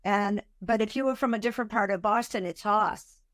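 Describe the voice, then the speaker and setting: Woman guest, ex-radio pro, clear measured talk, dry close mic. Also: mid-range voice, dry recording. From Massachusetts, USA. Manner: articulate, measured radio-trained delivery. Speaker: guest, author and former radio news director. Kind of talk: casual interview chat.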